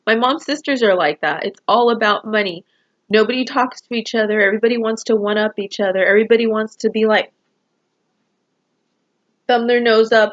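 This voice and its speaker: A woman vlogs straight to camera in a somewhat high voice, rambling and emotional and leaning on fillers as she goes. The sound is dull and lo-fi, like a home recording. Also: fairly quick. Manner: rambling, emotional, full of fillers like "you know". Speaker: vlogger. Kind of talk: personal talk to camera.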